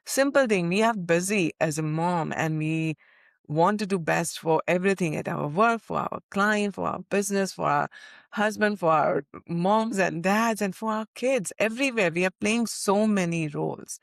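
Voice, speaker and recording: A woman's voice: lowish voice, normal speed, creaky, dry recording, clean studio sound. A woman guest sharing mindfulness practices in an earnest, reflective way, often restarting her phrases. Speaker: podcast guest, mindfulness coach. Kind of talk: interview conversation.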